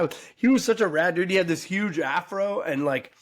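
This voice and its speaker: A man's voice: fairly high pitch, moderate pace, hardly any pauses, a bit bright, dry recording, studio quality. A man in his forties, a podcast co-host, telling a story in casual chat and acting out the quoted voices. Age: 40s.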